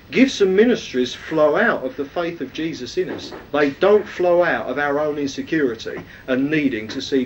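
A man's voice: mid-range voice, recorded from a distance, a little hiss or hum, rough recording. A man preaching a sermon, teaching emphatically and often asking his listeners questions. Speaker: preacher teaching a weekly series.

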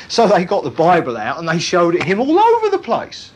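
A preacher delivering a sermon in an animated, humorous way, laughing at his own jokes. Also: medium pitch, normal speed, a little hiss or hum. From Britain.

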